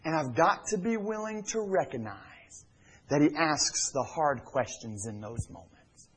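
A middle-aged male pastor preaching a sermon in a church, swinging from loud emphatic lines to hushed near-whispers. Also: fairly high pitch, expressive, a little slow, breathy edge, rough recording. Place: church sanctuary.

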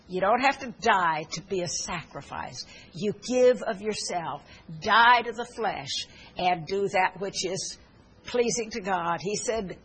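A woman's voice: mid-range voice, slow, a bit bright, slightly rough, rough recording. A woman preaching a sermon, telling stories earnestly with fillers and restarts, and urging her listeners fervently.

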